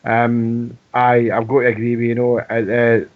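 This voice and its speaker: A man's voice: medium pitch, completely flat delivery, normal speed. A man hosting a casual fan radio show, friendly and rambling with many restarts. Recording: phone-like narrow band.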